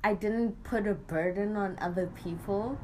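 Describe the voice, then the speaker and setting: A young woman telling a personal story in casual conversation, animated and laughing often, acting out what people said to her. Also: mid-range voice, moderate pace. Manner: animated, acts out quoted exchanges, laughs often. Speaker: guest.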